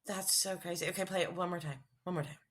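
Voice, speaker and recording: A woman hosting a podcast interview, asking curious questions and reacting eagerly with quick interjections. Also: lowish voice, steady tone. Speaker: podcast host. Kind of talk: casual interview.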